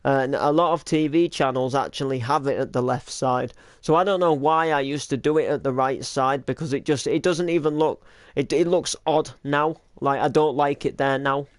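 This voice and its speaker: A man's voice: medium pitch, steady tone, normal speed, no room sound. A young British man hosting a casual reaction to his old videos, rambling with lots of likes and restarts.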